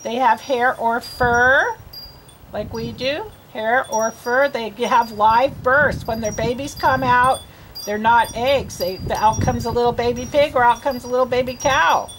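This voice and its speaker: A woman's voice: on the high side, measured pace. A woman reading teacher reading a storybook aloud to children, patient and encouraging. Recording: noisy home recording.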